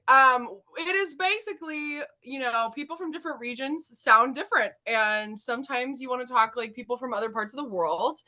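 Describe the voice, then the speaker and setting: Bright, slightly high woman host; giggly, animated casual podcast chat. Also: moderate pace. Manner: giggly, animated, laughs often.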